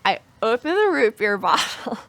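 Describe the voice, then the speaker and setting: A young woman from the United States telling a cycling story in a chatty, animated way, full of "like". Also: a little high, moderate pace, no room sound. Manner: chatty, animated, heavy use of "like". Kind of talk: casual storytelling.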